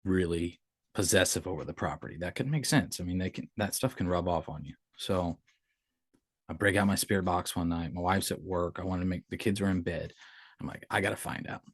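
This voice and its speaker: A man's voice: deep voice, brisk, no room sound, clean studio sound. A middle-aged man and father, casually telling his own haunted-house experiences in a rambling, conversational way and acting out what people said. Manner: conversational, rambling with restarts and acted-out quotes. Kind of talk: casual storytelling.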